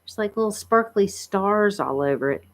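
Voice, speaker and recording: A woman, chatting casually with viewers on a livestream, tired and a bit croaky, laughing often and rambling with fillers. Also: mid-range voice, expressive, normal speed. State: tired, frog in her throat. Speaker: livestream host. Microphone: computer microphone.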